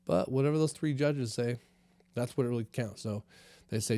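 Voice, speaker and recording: A man's voice: medium pitch, moderate pace, mellow, no room sound. A man hosting a comedy podcast, rambling through the news with lots of fillers and swearing. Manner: rambling and profane, many fillers. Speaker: podcast host. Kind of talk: casual comedy podcast monologue.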